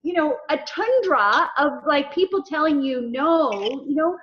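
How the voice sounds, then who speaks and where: A woman's voice: high voice, a little slow. A woman, an executive coach, talking in a casual interview and telling stories with acted-out dialogue. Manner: animated storyteller acting out dialogue. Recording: dull lo-fi sound.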